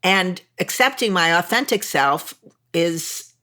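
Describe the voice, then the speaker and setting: A woman's voice: fairly low pitch, lively intonation, takes it slowly, bright, forceful tone. An older woman with a Chicago accent, a guest in an interview, speaking frankly and animatedly with self-deprecating humor. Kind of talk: candid interview conversation.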